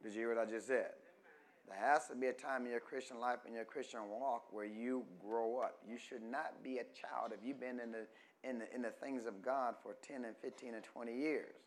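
A man pastor preaching a call-and-response sermon, asking the congregation questions and stretching key words slowly for emphasis. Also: medium pitch, steady tone. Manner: rises from quiet teaching to loud emphatic preaching.

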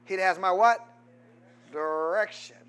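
A man pastor preaching a sermon, quizzing his congregation in call-and-response and swinging from loud exhortation to low asides. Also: a little slow, smooth.

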